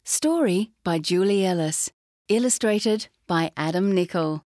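A woman narrating a children's read-along storybook, with clear, expressive delivery. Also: fairly low pitch, dry recording. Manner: slow and clearly paced, expressive.

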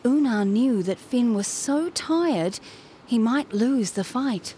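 A woman reads a children's storybook aloud at an unhurried pace, letting her pitch rise and fall expressively. Her delivery is clear and measured, and a faint hiss runs underneath the recording. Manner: slow and clearly paced, expressive. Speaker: narrator. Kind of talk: children's storybook read-along.

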